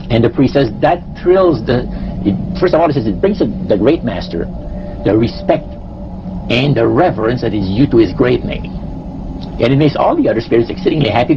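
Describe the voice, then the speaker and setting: Emphatic man preaching, muffled lo-fi. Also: mid-range voice. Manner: emphatic, with rhetorical "See?". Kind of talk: preaching lecture. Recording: muffled, noisy lo-fi recording.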